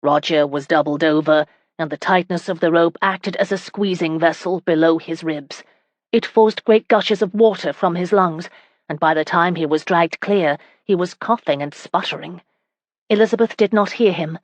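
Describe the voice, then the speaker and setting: A woman narrating a historical romance audiobook in a steady, even reading. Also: fairly low pitch, normal speed, no echo. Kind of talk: scripted narration.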